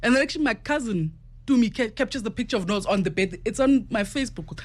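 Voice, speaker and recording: A woman's voice: a little high, lively intonation, quick pace. A South African woman, a guest, vividly recounting a personal story and acting out what others said, in a studio. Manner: vivid, repeats quoted speech. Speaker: guest, para-athlete and journalist.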